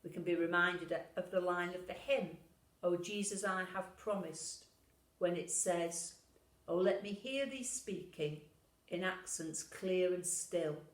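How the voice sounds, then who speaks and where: A woman minister reading a pastoral letter in a gentle, reflective way. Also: lowish voice, measured pace, echoey room, low-quality recording. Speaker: Methodist minister. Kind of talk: pastoral letter read aloud.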